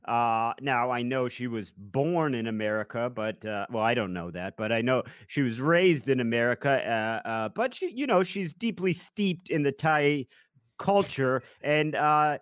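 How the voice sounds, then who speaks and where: Deadpan man explaining mock-seriously. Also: mid-range voice, a little slow, clear, resonant tone, no room sound, clean studio sound. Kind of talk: improvised comic chat.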